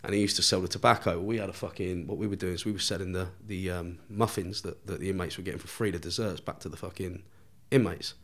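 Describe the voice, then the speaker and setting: A man's voice: low-pitched, steady tone, quick pace, hardly any pauses, a bit bright. A man telling a long story as a podcast guest, swearing constantly and laughing as he goes. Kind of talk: storytelling in casual chat.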